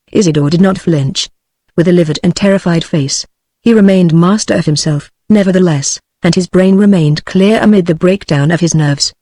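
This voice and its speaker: A text-to-speech woman's voice with a British accent, narrating an audiobook in an even synthetic delivery. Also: on the low side, moderate pace, no echo, studio quality. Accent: British English.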